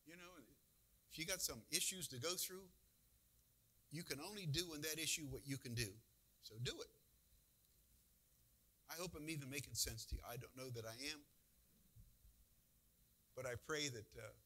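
In a church, a male pastor delivers a sermon, addressing the congregation conversationally and posing many rhetorical questions. His voice is a little high, bright and forceful. He speaks at a normal speed with long pauses.

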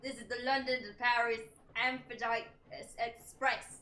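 Woman hamming up a snooty train guard, high bright voice, mock english accent, echoey room. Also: steady tone, moderate pace. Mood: scornful.

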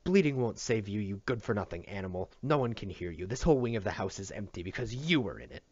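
A man's voice: lowish voice, animated, fast talker, darkish tone, no echo. A man voicing a shrieking furious woman servant. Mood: raging. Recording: dull dry lo-fi recording.

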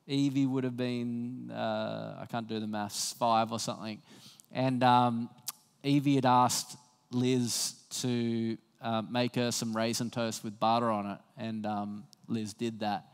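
A man's voice: medium pitch, fairly even intonation, a little slow, smooth. Male pastor preaching in a reverberant hall. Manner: conversational preaching with personal stories. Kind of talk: sermon. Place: church.

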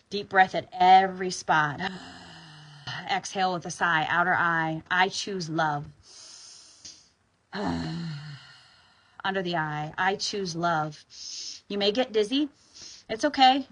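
A woman's voice: fairly low pitch, a bit bright, low-quality recording. A woman guiding an EFT tapping session, talking informally, sighing on the exhales and sometimes pressing hard for emphasis.

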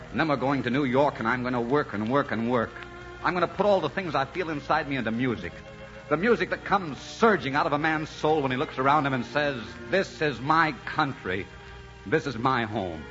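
An actor playing an earnest young male composer in an old radio drama, shy and halting at first and then full of passion. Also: medium pitch, fairly bright tone, natural voice. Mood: determined. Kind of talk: 1940s radio acting. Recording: muffled old radio broadcast with music.

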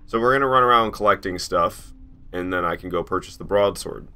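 A man's voice: low voice, fairly quick, bright, forceful tone, clear, resonant tone. A man chatting casually on a live stream while playing a game, rambling, laughing at himself and swearing freely. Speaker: gaming streamer. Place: his garage.

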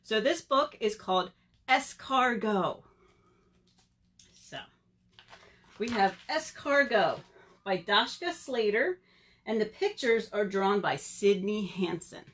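A woman's voice: medium pitch, a bit bright, a little hiss or hum. A young woman, a children's librarian, leading a virtual storytime and asking kids questions in a playful way. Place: home or library, on video.

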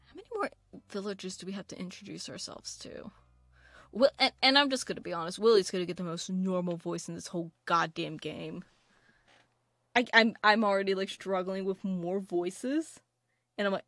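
A woman with a mid-range, slightly bright voice does casual let's-play commentary as a gaming video creator, rambling at normal speed with plenty of fillers and restarts. The studio-quality audio has no echo.

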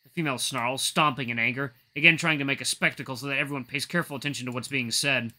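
A man reading a visual novel aloud, narrating in an even, quiet tone with small slips. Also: medium pitch, fast talker, few pauses.

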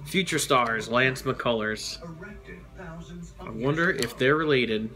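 A man's voice: mid-range voice, slow pace. A man hosting a toy show, chatting casually as he reads out names and makes joking asides. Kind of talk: casual card-opening chat.

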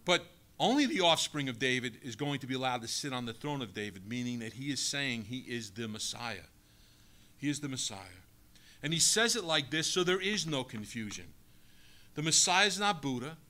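Forceful, bright-voiced male pastor preaching. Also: mid-range voice, expressive, moderate pace. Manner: emphatic preaching with rhetorical questions. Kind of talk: sermon.

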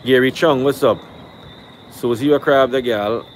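A man hosting a live stream from a rooftop cookout, reeling off shout-outs and ranting at critics in a brash, animated way. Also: mid-range voice, unhurried, slight background noise.

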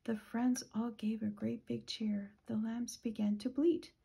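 A woman reading a children's picture book aloud, gentle and often dropping to a whisper, with a husky voice. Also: on the high side, flat delivery, unhurried, hardly any pauses. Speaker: children's storytime reader.

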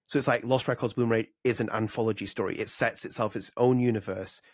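A man talks quickly and rambles through a casual podcast chat, full of likes and ums. His voice sits at an ordinary pitch. The recording is close and dry. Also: steady tone, no echo. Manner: rapid, rambling with many fillers. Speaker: podcast co-host.

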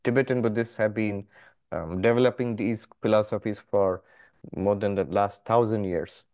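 A middle-aged man, a monk, teaching a philosophy class, explaining step by step with lively emphasis. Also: lowish voice, moderate pace, highs cut off. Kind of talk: philosophy lecture.

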